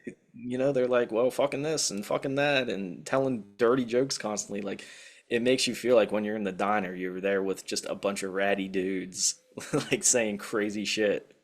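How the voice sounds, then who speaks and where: A man who is a guest on a podcast, chatting in a relaxed, blunt way and swearing casually. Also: fairly low pitch, normal speed. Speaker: guest writer. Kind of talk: casual chat.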